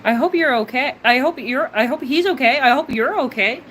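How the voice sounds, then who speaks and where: A woman's voice: high-pitched, animated, a little fast, fairly bright tone, a little hiss or hum, poor audio. A woman hosting a livestream in casual chat, responding to viewer messages aloud in a playful manner and laughing often.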